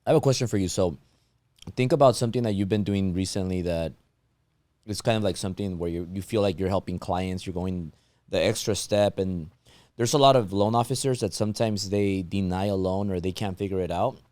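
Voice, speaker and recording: A man hosts a casual interview in a low, unhurried voice. He asks his questions loosely, restarting and circling back as he goes. The sound is dry and close, with no room in it. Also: no echo. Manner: relaxed, halting questions with restarts. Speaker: podcast host.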